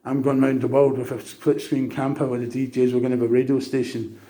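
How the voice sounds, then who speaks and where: A man delivers a breathless, manic monologue, leaping from one subject to the next and slipping into sermonizing. His voice is very dark and mellow, pitched in a middle range for a man. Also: little pitch movement, quick pace. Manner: manic, jumping between topics, preachy. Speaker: vlogger. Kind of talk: rambling monologue to camera.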